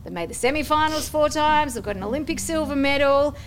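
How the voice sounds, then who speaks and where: Brief: woman, podcast host, brisk questioner, fairly high voice. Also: expressive, a little hiss or hum. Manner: brisk, steers the talk with questions. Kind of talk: casual panel chat.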